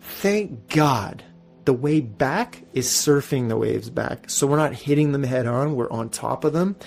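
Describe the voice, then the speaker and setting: A man in his thirties with a gravelly, fry-edged voice, spinning a story as a podcast host. He talks in a loose, animated way, swearing freely and laughing as he goes. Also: mid-range voice, measured pace, soft background music. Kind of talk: casual storytelling.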